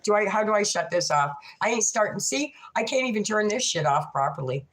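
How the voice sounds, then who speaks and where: Casual woman host on a late-night stream, swears a lot, rambles and gossips, mid-pitched voice bouncing around an echoey room. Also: animated, a little fast, a little hiss or hum. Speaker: livestream host. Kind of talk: late-night livestream chat.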